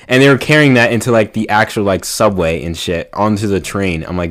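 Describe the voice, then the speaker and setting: A young man with a very low voice rambles about his city. He leans on filler words and swearing as he talks. He sinks into quiet mumbles and then bursts out loud. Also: a little fast, few pauses. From New York. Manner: rambling, profane, full of fillers; swings between mumbling and loud exclaiming. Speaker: vlogger. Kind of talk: casual rant to camera.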